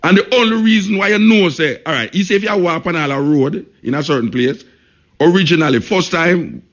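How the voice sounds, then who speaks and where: A man's voice: fairly high pitch, fairly quick, fairly bright tone, dull audio. A man with a Jamaican accent hosting a radio talk show, speaking emphatically, repeating points and saying "you know" often.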